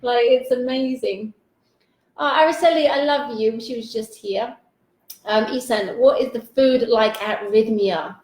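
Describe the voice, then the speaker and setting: A bright, effusive woman hosts a live chat, gushing over comments and guests with loose, casual language. Her voice sits a little high. The room around her rings with echo. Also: a little slow. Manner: bubbly, effusive, casual swearing. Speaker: host. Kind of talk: live interview, reading viewer comments. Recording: echoey room.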